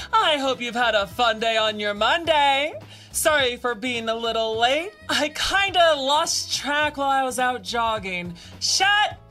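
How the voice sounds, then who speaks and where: A high, bright-toned woman chats with her live-stream audience, her pitch leaping up and down as she bursts into playful, exasperated shouts. Her delivery is excitable and lively. Soft music plays faintly behind her. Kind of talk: casual live-stream chat with viewers.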